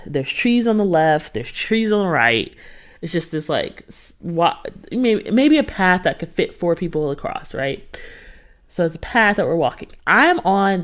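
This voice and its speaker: A woman in her thirties hosts her own podcast and tells a story as casual chat. Her voice sits fairly low but rises and falls a great deal. She talks straight to her listeners. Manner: animated, expressive, talks to listeners directly. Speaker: podcast host.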